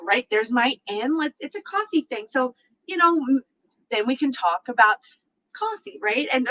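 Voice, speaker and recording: Through a muffled recording comes a talk show host with a high-sitting voice, chatting casually in storytelling mode. She's lively, performs other people's lines and laughs frequently.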